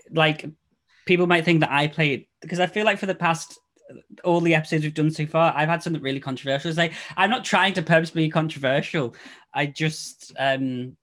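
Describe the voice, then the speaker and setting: A man co-hosting a horror film podcast, chatting casually with animated swings that sink low at the ends of his phrases. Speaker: podcast co-host. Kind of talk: casual film review chat.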